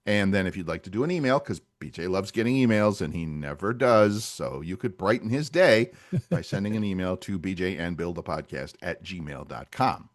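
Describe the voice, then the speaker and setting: A man with a somewhat low voice co-hosts a casual chat podcast. He talks in a loose, relaxed way, full of fillers and restarts as he goes. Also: moderate pace. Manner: relaxed, hesitant with many fillers. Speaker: podcast co-host.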